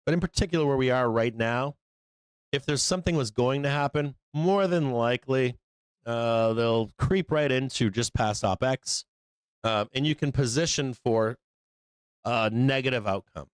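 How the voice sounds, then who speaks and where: A man's voice: medium pitch, moderate pace, smooth, no echo. A man hosting a live stock market show, talking in a blunt, profane, rambling way. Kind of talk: casual market commentary.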